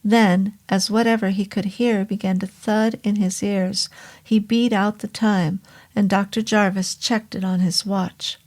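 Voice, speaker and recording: A woman narrating a horror novel in a slow, measured reading voice. Her pitch sits in the middle range, and she lets each line land unhurriedly. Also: little pitch movement, a little mellow. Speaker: audiobook narrator.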